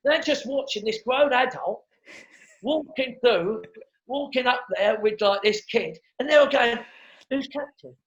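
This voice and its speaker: A middle-aged man, a comedian, telling stories in a casual interview, animated and quick to repeat words and act out what others said. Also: extremely high pitch. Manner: animated storyteller who acts out quotes and repeats words. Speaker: comedian guest. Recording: dull lo-fi sound.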